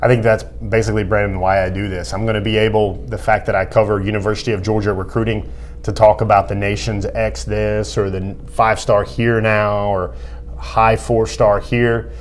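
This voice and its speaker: A man's voice: fairly low pitch, flat delivery, moderate pace, slight background noise. A man who reports on college football recruiting, explaining his views in a thoughtful way with frequent fillers. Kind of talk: sports talk analysis.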